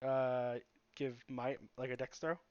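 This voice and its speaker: A man's voice: mid-range voice, flat delivery, slow, clean tone, dry recording, muffled recording. A man playing in a tabletop game, laughing and chatting animatedly. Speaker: player. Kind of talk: casual game chat.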